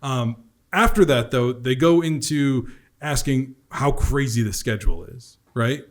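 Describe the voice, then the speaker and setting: Male podcast host, mid pitch, conversational sales coach. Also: lively intonation, a little slow. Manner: conversational, restates points for the audience. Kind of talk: coaching review of a recorded sales call.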